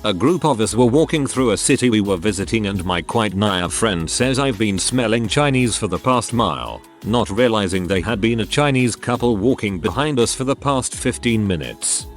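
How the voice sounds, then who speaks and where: Low-voiced man reading stories. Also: lively intonation, normal speed, few pauses. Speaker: narrator reading Reddit stories. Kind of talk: scripted narration. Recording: faint music bed behind voice.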